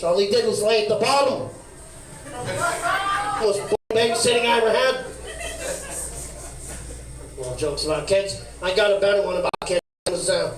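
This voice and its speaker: A man doing a crude stand-up set in a brash lounge-act persona, with mumbled asides, at a comedy club. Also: high voice. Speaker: stand-up comic. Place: comedy club stage, live. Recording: echoey room heard from far off.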